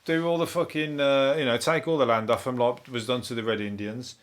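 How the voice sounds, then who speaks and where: A man, a comedian hosting a topical comedy podcast, ranting in a rambling, sweary, deadpan way. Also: medium pitch, brisk. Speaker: comedian host.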